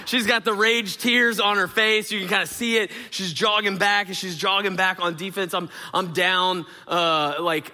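A man's voice: on the high side, sharp tone. A middle-aged man preaching a conversational sermon, telling stories with many fillers and speaking straight to his congregation. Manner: storytelling, filler-heavy, addresses audience directly. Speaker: pastor. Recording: long reverb of a large hall.

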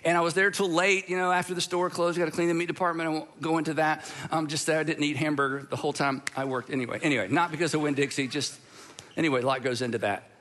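A man's voice: on the high side, fairly even intonation, fast talker, a bit bright. An American man, middle-aged, preaching a sermon in a conversational storytelling way with humorous asides. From United States. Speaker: pastor.

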